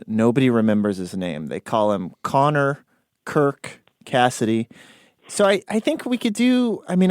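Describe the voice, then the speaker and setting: A man's voice: mid-range voice, darkish tone, no room sound, clean studio sound. A man co-hosting a podcast, conversationally leading a caller's question. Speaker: podcast co-host. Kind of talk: studio radio chat.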